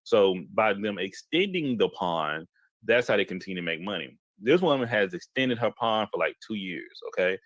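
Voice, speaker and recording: Low-voiced guy telling a story, animated, keeps restarting, dry close sound. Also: moderate pace, no echo. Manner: animated, repeats himself, jumps into quoted voices. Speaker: podcast host telling a story. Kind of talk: casual storytelling chat.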